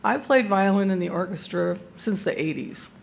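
A woman's voice: mid-range voice, animated, normal speed, gravelly. An older woman teaching a Bible study group, giving a devotional talk with self-deprecating humor.

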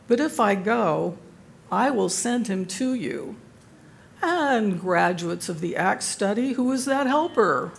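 An older woman leads a Bible study group, mixing scripture with self-deprecating humor. Her voice has a gravelly edge. A faint background hiss runs under the recording. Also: medium pitch. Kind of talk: devotional talk to a group.

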